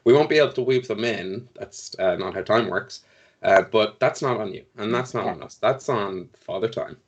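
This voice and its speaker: A man's voice: fairly low pitch, moderate pace. A man with an Irish accent hosting and running a tabletop game stream, joking and swearing casually. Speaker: game master.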